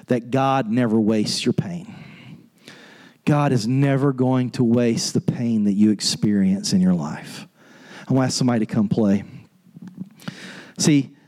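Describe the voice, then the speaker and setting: A pastor preaching an earnest sermon on grief, rising to an impassioned pitch. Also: male voice. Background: soft guitar music.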